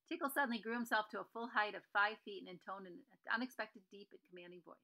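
A woman reads a children's novel aloud with a bright, clear tone. She pauses now and then to explain the story in a conversational aside. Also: medium pitch, rough recording. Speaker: reader.

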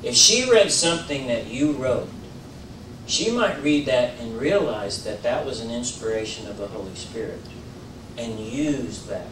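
Slow-talking preacher man in roomy church. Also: mid-range voice, background noise. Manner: conversational, animated, with many fillers and restarts. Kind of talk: informal sermon. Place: church sanctuary. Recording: roomy church audio, mic at a distance.

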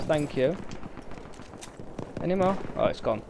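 Chatty Yorkshire lad streaming a shooter. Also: male voice, a little high, lively intonation, normal speed, background noise. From Yorkshire, England. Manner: chatty, easygoing, talks to chat while playing. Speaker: game streamer. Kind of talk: casual live gameplay commentary. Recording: game gunfire loud behind the voice.

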